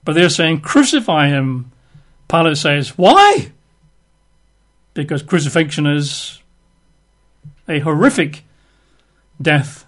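A male preacher delivers a conversational Bible-teaching sermon in a somewhat high voice. He talks through the text with casual, chatty asides. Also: slow, pauses often, a bit bright.

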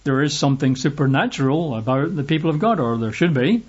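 Husky preacher man giving a sermon. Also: a little high, lively intonation, quick pace, muffled recording. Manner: emphatic, repeats phrases for stress. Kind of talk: sermon with Bible reading.

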